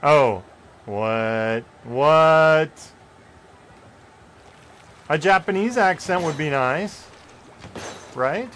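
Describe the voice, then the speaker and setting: A young man streaming a game live, chatting casually with viewers and yelping and shouting when plays get close. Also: fairly high pitch, very slow, pauses often, a little hiss or hum. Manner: excitable, yelps and shouts at close plays, joking with chat. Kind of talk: casual live gameplay commentary.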